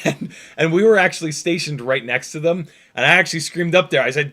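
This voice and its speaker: A young man hosting a livestream, telling a story in a casual, animated way, laughing often and restarting his sentences. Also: on the high side, fast. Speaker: FPV drone pilot and stream host.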